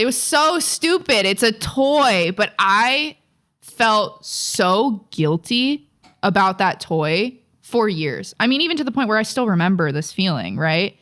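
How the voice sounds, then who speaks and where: A woman's voice: mid-range voice, fairly bright tone. A young woman co-hosting a podcast, telling a childhood story in a rambling, profane, casual way full of fillers. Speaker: podcast co-host.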